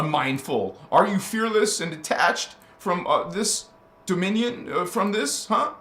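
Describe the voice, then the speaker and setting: A man preaching as a spiritual teacher, his slightly high voice ringing out in a reverberant room. He talks fervently and needles his audience with one rhetorical question after another. He often stammers and restarts mid-phrase. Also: a bit bright. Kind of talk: preaching monologue. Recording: roomy echo.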